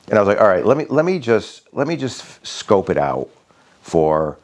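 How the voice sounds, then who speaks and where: Man, deep voice, lively pitch, casual rambling storytelling, lots of fillers, middle-aged. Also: moderate pace. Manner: rambling, many fillers and restarts, animated when quoting others. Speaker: homeowner telling the story of his backyard.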